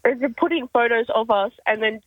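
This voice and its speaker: A woman's voice: a little high, fairly quick, dry recording. Woman caller on a dull phone line. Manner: hesitant, giggly.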